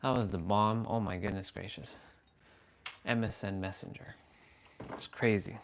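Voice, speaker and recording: A man's voice: on the low side, steady tone, measured pace, a little hiss or hum. A man hosting a live stream, rambling casually and playfully as he chats with his viewers. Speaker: livestream host.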